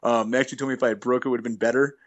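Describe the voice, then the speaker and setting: A man's voice: mid-range voice, little pitch movement, racing, muffled recording. A man guest on a podcast, telling long stories in an easygoing, rambling way with many fillers and restarts. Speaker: guest, long-distance hiker. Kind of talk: casual interview storytelling.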